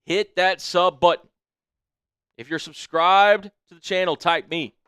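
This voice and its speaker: A man's voice: high-pitched, steady tone, measured pace, smooth, no echo, studio quality. Upbeat man hyping a live stream. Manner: upbeat, urges viewers to subscribe, shouts out chat names. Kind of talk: casual live-stream chat.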